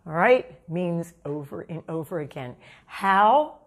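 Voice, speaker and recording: A woman's voice: fairly low pitch, lively intonation, slow. A seasoned woman vocal coach giving emphatic, repetitive stage-performance advice straight to the viewer. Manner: emphatic, repeats key points, calls the listener honey. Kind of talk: direct-to-camera vocal coaching talk.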